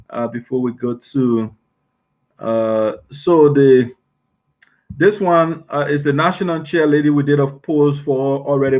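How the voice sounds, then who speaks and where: A man with a Liberian accent hosting a casual diaspora talk show, speaking haltingly with frequent fillers and restarts. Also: medium pitch. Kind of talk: casual online show chat.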